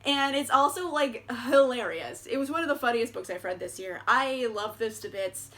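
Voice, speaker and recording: Bright, high-voiced young woman vlogger. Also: normal speed. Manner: animated, blunt and swears freely. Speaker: book vlogger. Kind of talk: casual book review chat.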